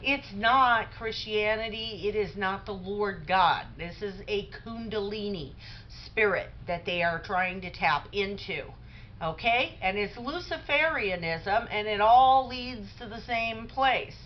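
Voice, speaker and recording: A woman's voice: medium pitch, takes it slowly, a little hiss or hum. Middle-aged woman, conversational Bible talk, rambling storyteller, slightly muffled recording. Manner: conversational storytelling with many fillers. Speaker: Bible teacher. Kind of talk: casual religious talk.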